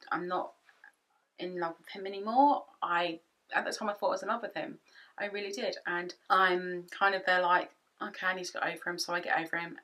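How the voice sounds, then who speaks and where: This animated storyteller is a British vlogger in her twenties, voicing both sides of the conversations in a personal storytime. Her voice sits on the low side. She's in a home office using a camera-mounted shotgun mic, and the audio is poor.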